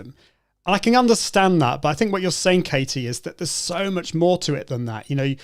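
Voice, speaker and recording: Male host, slightly high voice, friendly and chatty. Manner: friendly, chatty, reads viewer comments. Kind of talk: casual live-stream chat.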